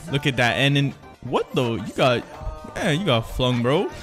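Young guy talking over his game, slangy and hyped, mid pitch, faint music behind. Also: big pitch swings, unhurried, fairly bright tone. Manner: slangy, hyped, self-correcting gamer talk. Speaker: gaming channel host. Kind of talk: casual gameplay commentary.

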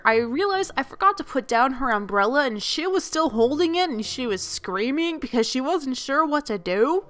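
A woman who works as a school bus driver, telling her stories as narration for an animated video in an expressive, lively way. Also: on the high side. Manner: lively, expressive storyteller who acts out the people she quotes.

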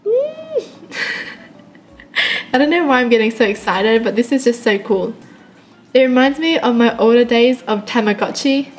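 Giggly high-voiced woman gaming host. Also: a little slow, pauses often, faint music behind. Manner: giggly and excitable, laughs often. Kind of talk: let's-play commentary.

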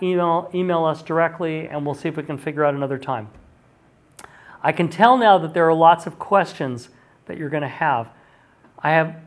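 Guy professor doing class announcements, kinda high voice, lots of ums. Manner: chatty, frequent ums, restarts sentences. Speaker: university lecturer. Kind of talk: recorded online lecture.

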